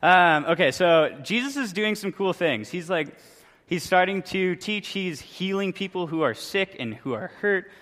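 A man's voice: high voice, animated, unhurried, a bit bright. A young man, a youth pastor, giving a casual sermon with a chatty, joking story. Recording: long reverb from a hall.

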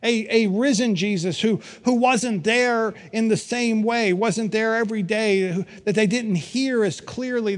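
A middle-aged man preaching a sermon, telling stories with wry humor and emphatic pauses. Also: high-pitched. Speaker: pastor.

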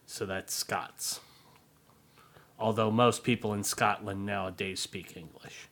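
Deadpan middle-aged man co-host. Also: on the low side, takes it slowly, vocal fry. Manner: dry, deadpan humor, explains at length. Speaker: podcast co-host. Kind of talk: casual chat.

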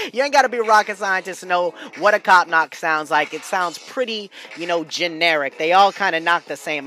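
A man hosting a podcast, telling a story in a casual, slangy, animated way with frequent laughs. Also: sits high. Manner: animated, slangy, laughing often, loud bursts. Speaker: podcast host.

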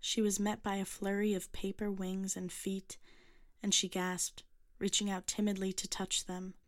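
A woman reading a short story aloud in a measured, even way. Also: mid-range voice, no room sound, clean studio sound. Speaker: narrator. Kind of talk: scripted story narration.

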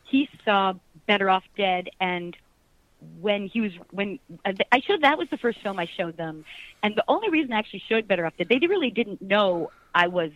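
A middle-aged woman chats as an interview guest, animated and laughing, her thoughts tumbling out in restarts. The sound is dull and lo-fi, like a radio broadcast, and the room is dry and close. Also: medium pitch, fairly quick, no echo. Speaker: actress, guest. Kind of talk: casual interview chat.

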